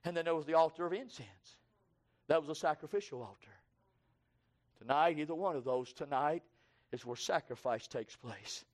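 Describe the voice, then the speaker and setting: A man preaching a sermon, rising from low, quick passages to shouted, fervent proclaiming. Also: lively intonation.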